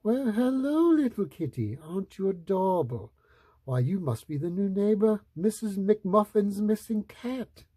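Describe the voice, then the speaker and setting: A man's voice: high-pitched, very animated, measured pace, warm tone, no echo, voice pushed up, heavily acted. A man voicing a kind, fluttery mother in a raised, sweet voice.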